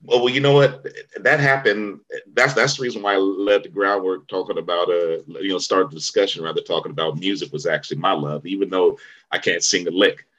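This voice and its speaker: Deep-voiced man, bright and forceful. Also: fairly even intonation, fairly quick, low-quality recording. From Vallejo, Bay Area, California. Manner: rambling storyteller, many fillers and restarts. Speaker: actor, interview guest. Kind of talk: casual interview conversation.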